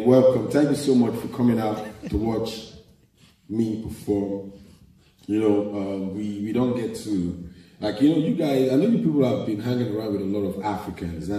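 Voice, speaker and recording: A man's voice: fairly low pitch, mellow. A middle-aged Nigerian man with a Nigerian accent, doing live stand-up storytelling in a big venue and acting out the voices in his anecdotes. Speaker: stand-up comedian. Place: large live venue with audience laughter. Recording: very echoey hall from far off.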